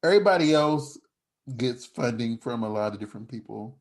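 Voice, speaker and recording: A man hosts a podcast in a loose, casual chat. He rambles, circles back and restarts his sentences, and laughs along the way. His voice sits at an ordinary middle pitch. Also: expressive, brisk. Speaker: podcast host.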